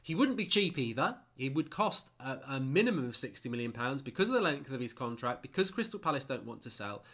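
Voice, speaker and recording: A tired man hosts a casual football stream, yawning now and then. He talks bluntly and with strong opinions, rambling through viewer comments in a middle-pitched voice. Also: very animated, fairly quick, fairly bright tone. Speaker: football channel host reading viewer comments. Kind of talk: casual live-stream chat.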